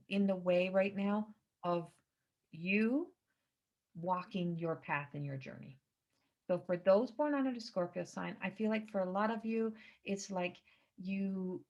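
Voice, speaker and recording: A woman's voice: mid-range voice, darkish tone. Earnest rambling woman, lo-fi. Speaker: psychic reader. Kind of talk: channeled astrology reading. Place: indoors at home by a window. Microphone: computer camera mic. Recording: slightly dull lo-fi recording.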